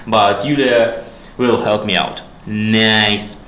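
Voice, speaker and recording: A man's voice: lowish voice, fairly even intonation, slow, pushed and bright. A man with a Russian accent hosting a casual stream, hesitant and full of fillers, asking his guest questions. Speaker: stream host. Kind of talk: casual dev stream chat. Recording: echoey room.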